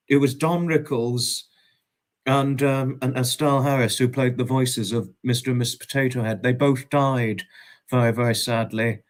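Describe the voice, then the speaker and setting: A man hosting a livestream in casual chat, warmly greeting viewers and reading out their comments with frequent chuckles. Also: mid-range voice. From United Kingdom. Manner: affectionate, greets viewers as darling, chuckles often. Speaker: livestream host.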